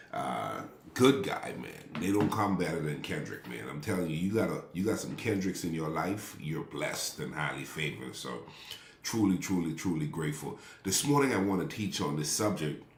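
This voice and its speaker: A man's voice: low voice, a little hiss or hum. A man preaching a sermon to his congregation in a loose, conversational way, repeating phrases and calling out people by name. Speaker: pastor. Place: church sanctuary. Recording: echoey room.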